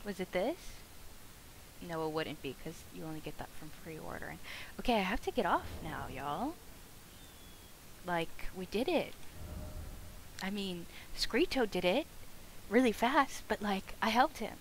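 A young woman streaming a game, excitable and profane, swinging from shouts to hushed asides. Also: fairly low pitch, a little slow, long pauses, a little hiss or hum, low-quality recording. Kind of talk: live game stream commentary.

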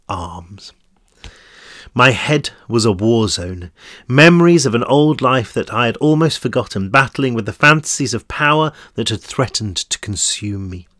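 A man's voice: mid-range voice, animated, normal speed, fairly bright tone, no echo, studio quality. A tired man, the author, reading his own novel aloud in first-person narration.

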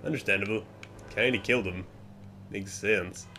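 Young dude mumbling and cursing thru gameplay, yells at other players. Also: male voice, on the low side, moderate pace, a little hiss or hum. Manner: swears a lot, grumbling then yelling at other players. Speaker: gameplay commentator. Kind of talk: casual gameplay commentary.

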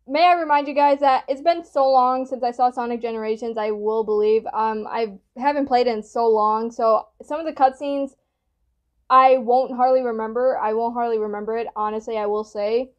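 A woman hosting a reaction video, talking casually with excited gushing outbursts and rambling, apologetic asides. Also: fairly high pitch, lo-fi sound.

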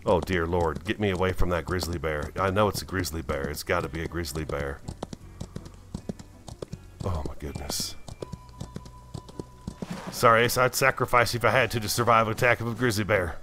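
A man's voice: low-pitched, fast, hardly any pauses, bright, forceful tone, soft background music. A man giving casual, chatty commentary while playing a game, talking to himself and easily startled. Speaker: gameplay video host.

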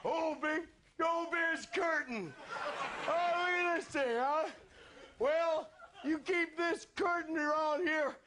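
A man's voice: very high voice, takes it slowly, sharp tone, heavily acted. An actor playing a raving man who rants and acts out screams, in a noisy old TV clip. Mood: mocking. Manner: ranting, acting out screams.

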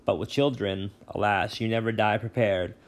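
A man voicing a smooth, menacing male ferryman of the dead with a put-on British accent, mockingly polite and sly. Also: lowish voice, fairly even intonation, moderate pace, natural voice. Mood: silky menace.

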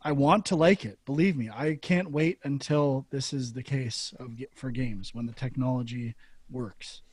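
A man's voice: mid-range voice, normal speed, a little mellow, breathy edge, dry recording. A male podcast host talks in a loose, joking way and is blunt about his opinions. His voice sits in the middle range. He is close on a dry mic with no room sound. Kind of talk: casual chat.

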